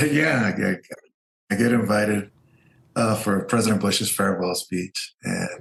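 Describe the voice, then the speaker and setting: A man's voice: fairly low pitch, a little slow, vocal fry. A man, an Air Force veteran, telling stories as an interview guest and acting out the voices of people he quotes. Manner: animated storyteller, acts out quoted voices. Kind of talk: casual storytelling interview. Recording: roomy echo.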